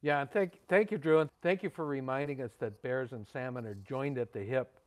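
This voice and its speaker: A man's voice: medium pitch, fairly quick. A man hosting a radio podcast, chatting in a friendly, easygoing way and laughing easily. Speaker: podcast host. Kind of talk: casual interview talk.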